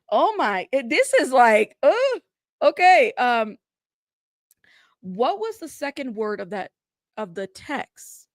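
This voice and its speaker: A woman's voice: sits high, sing-song, takes it slowly, pauses often, no room sound, clean studio sound. A woman hosting a news channel, reading court transcripts aloud and breaking off into sassy, chatty asides.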